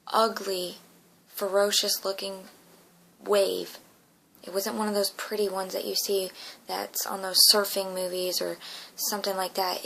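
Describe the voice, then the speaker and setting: A woman's voice: medium pitch, creaky, sharp tone, a little hiss or hum, low-quality recording. A woman earnestly recounting a dream as a personal testimony, emotional and often dropping into a whisper.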